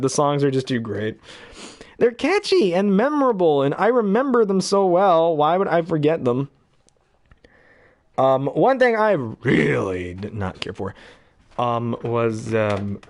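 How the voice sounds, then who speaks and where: A man's voice: mid-range voice, dry recording. A man talking casually about his favorite voices, rambling and chatty between impressions. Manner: chatty, rambling, full of ums and throat-clearing. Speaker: hobby voice actor.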